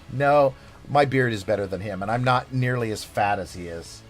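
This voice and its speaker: A man's voice: medium pitch, unhurried, soft background music. A man streaming a game, chatting casually in a rambling, playful, over-the-top way full of fillers. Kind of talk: casual live-stream chat.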